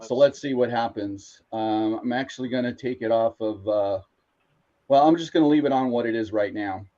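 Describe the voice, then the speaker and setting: A man hosts a relaxed hangout from his home train room and talks his viewers through each move, stopping and restarting his sentences. His voice sits at an ordinary middle pitch. The sound is dull and lo-fi. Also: normal speed. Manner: explains step by step with restarts. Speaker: host. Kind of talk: casual chat.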